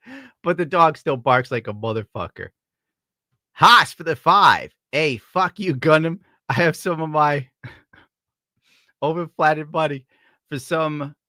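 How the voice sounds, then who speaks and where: Brief: male streamer, bright forward tone, dry close mic, swears freely, rambles and jokes between donation reads. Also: a little high, dry recording. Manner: profane, rambling, jokey. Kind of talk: casual live-stream chat.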